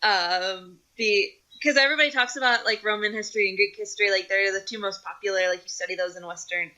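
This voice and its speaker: A woman's voice: medium pitch, fast talker, pushed and bright. A woman from the United States co-hosting a podcast in casual chat, with a wry, teasing manner as she steers the talk. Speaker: podcast co-host.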